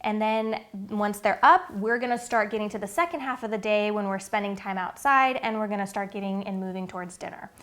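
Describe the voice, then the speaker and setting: A woman's voice: medium pitch, fairly quick, hardly any pauses, a bit bright. A woman in her thirties talking casually to camera about her family's routine, earnest and chatty with many fillers. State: getting emotional, near tears. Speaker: vlogger and mother.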